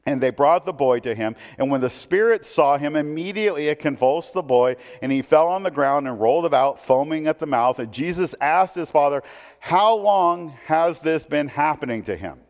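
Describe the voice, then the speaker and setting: A man's voice: on the high side, animated, moderate pace. A male pastor delivers a sermon in a slightly raised voice. He moves between reading scripture aloud and explaining it in an easy, conversational manner. The sound carries a long reverb, as in a large hall.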